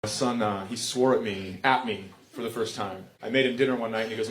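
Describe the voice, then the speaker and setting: A man doing stand-up comedy, telling family stories in a deadpan way that breaks into sung and shouted bits. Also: on the low side, fast, few pauses. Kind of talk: stand-up storytelling.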